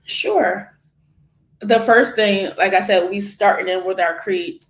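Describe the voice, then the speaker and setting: Energetic woman in an echoey room. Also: mid-range voice, measured pace. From Philadelphia, USA. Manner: energetic and animated, laughs often. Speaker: education nonprofit founder, guest. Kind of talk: conversational interview.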